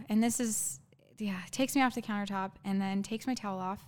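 A woman guest telling a painful personal story in a halting, earnest way, with many fillers and restarts. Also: on the high side, fairly even intonation, clear, resonant tone.

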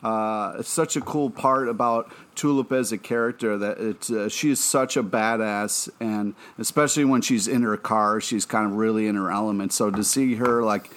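Enthusiastic man rambling on a podcast. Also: fairly low pitch. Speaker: podcast co-host. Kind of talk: casual podcast chat.

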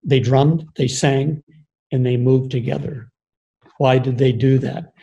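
An older man speaks in a gravelly, mellow voice, explaining ideas earnestly. He pauses often with ums and starts phrases over, sounding thoughtful and sincere rather than polished. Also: mid-range voice, steady tone, highs cut off. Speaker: speaker on embodied leadership. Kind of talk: reflective talk.

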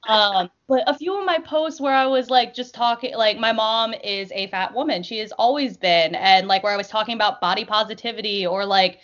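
A woman's voice: mid-range voice, fairly quick, hardly any pauses, a bit bright, highs cut off. A young woman chatting casually as a podcast guest, telling stories with lots of fillers and playful quoted voices. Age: young adult. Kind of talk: casual chat.

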